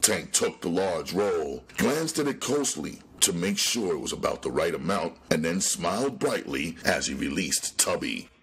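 A man narrating a crime novel as an audiobook in a dramatic, lively storytelling manner. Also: deep voice, a little slow, hardly any pauses, husky. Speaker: audiobook reader.

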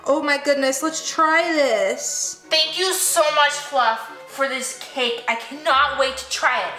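A woman vlogging playfully with her plush toys, excitable and coaxing, often gasping. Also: high-pitched, unhurried, few pauses, echoey room, faint music behind. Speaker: toy vlogger.

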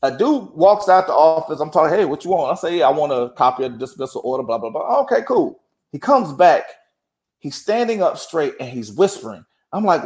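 A man's voice: fairly high pitch, brisk. A man telling a courthouse story in casual chat, acting out the dialogue. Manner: animated, acts out quoted dialogue. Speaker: guest.

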